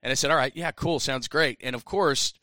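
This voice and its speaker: A middle-aged man hosts a sports talk show, spinning a casual, self-mocking story. His voice is bright and forward, recorded close and dry with no room sound. He jumps into the voices of other people as he tells it. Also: mid-range voice, a little fast, dry recording. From San Francisco Bay Area.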